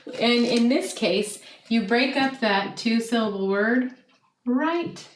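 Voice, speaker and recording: Speaking slowly in an animated, fairly high voice, a friendly teacher leads a second grade video lesson step by step, asking questions and frequently checking with "okay?". The recording has a faint hiss or hum, an echoey room, and a mic placed at a distance.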